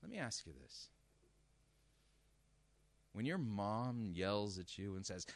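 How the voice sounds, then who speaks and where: A man's voice: medium pitch, very animated, moderate pace, long pauses, a bit bright. A man preaching a sermon, emphatic and direct, often asking his listeners rhetorical questions.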